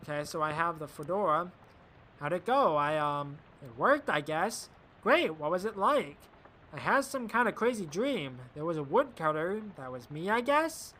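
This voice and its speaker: A man's voice: fairly high pitch, animated, moderate pace, pushed and bright. A man streaming a video game, reading its text aloud and adding casual, dry comments, over a noisy background. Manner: casual, reads narration aloud and comments dryly.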